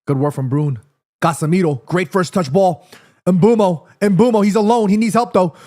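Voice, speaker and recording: High-voiced man hosting a football watchalong. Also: normal speed, darkish tone. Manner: chatty, addresses viewers directly, reads chat aloud. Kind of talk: live match reaction stream.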